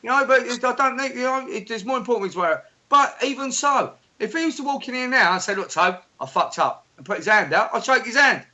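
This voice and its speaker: Male guest, high, sharp, sweary and stammering. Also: animated, a little fast, hardly any pauses. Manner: sweary, stammering restarts, indignant. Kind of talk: heated casual chat.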